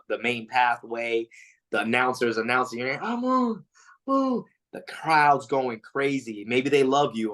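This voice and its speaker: A man, a fighter, answering interview questions in casual talk, acting out quotes with lots of fillers. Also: mid-range voice. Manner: animated storytelling, acts out quotes; frequent fillers and restarts. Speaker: MMA fighter, interview guest.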